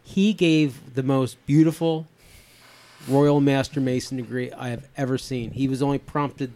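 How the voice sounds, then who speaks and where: Casting note: man, 50s, podcast host, casual and rambly, average pitch. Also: fairly even intonation, measured pace, warm tone. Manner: rambling, many restarts and fillers. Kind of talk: casual chat.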